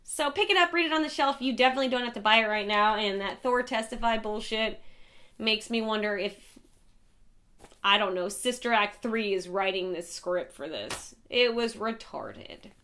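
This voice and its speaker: Woman host, comic reviewer, slightly high voice, loose, profane, animated delivery. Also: normal speed. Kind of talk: casual review vlog.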